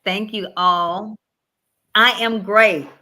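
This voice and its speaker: Over a call on a livestream, a woman gives an encouraging talk about caregiving, speaking slowly and earnestly and repeating herself as she goes. Her medium-pitched voice has a steady tone and sounds pushed and bright.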